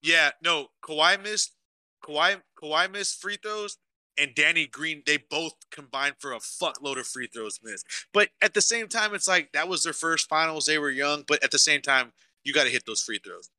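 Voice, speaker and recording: A man's voice: on the high side, moderate pace, pushed and bright, clear, resonant tone, dry recording. A young man co-hosting a casual podcast, swearing a lot and ranting emotionally about sports to his live chat. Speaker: podcast co-host.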